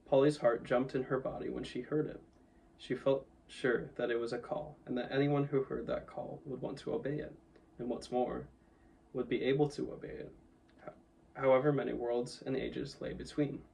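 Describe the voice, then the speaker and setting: A man reading a children's novel aloud in a steady, even storytelling manner, a little away from the mic. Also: mid-range voice, normal speed, gravelly, far from the mic, rough recording. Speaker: audiobook reader. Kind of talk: storybook narration.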